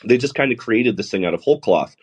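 A man with a baritone voice hosting a live podcast, talking through the week's news with sarcastic asides. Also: lively intonation, fast, breathy edge. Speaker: podcast host. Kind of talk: solo podcast monologue.

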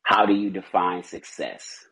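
A man's voice: deep voice, a little slow, a bit bright, husky, low-quality recording. A man who heads a company, speaking as a podcast guest, earnest and motivational, rambling with many restarts. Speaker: CEO guest. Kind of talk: podcast interview, motivational talk.

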